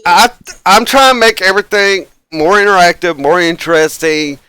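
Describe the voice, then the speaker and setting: Bright, clear-voiced male game master. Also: high-pitched, normal speed, dry recording. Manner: rambling, chuckles often, many fillers. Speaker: game master and stream host. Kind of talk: casual chat to a live stream audience.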